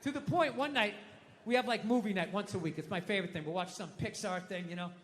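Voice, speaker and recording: American comedian yelling bits on stage, high sharp voice, big reverby room. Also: male voice, fast talker, slight background noise. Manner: loud ranting, profane, mock outbursts. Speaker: stand-up comedian. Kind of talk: stand-up comedy. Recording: live venue with long reverb.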